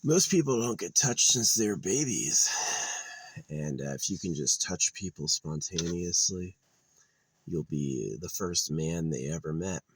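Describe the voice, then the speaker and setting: Very deep gravelly man rambling. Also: lively intonation, unhurried, dry recording. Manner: meandering, crude, blunt opinions with many fillers. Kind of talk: rambling monologue. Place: outdoors.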